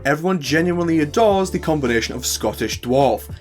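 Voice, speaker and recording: A man's voice: a little high, expressive, fairly quick, soft background music. A man with a northern English accent hosting a tutorial, chatty with playful asides. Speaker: host. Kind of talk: tutorial talk to camera.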